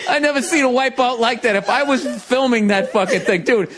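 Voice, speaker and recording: High-voiced man telling a story, laughing. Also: brisk, few pauses. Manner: laughs through the story, swears freely, animated sound effects. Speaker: podcast host. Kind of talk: casual storytelling chat.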